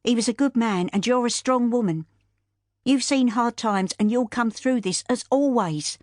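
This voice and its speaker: A woman voicing a practical older family friend who speaks briskly, sternly and with plain comfort. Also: a little high, no room sound, studio quality, voice pushed up, close to an everyday voice. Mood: firm.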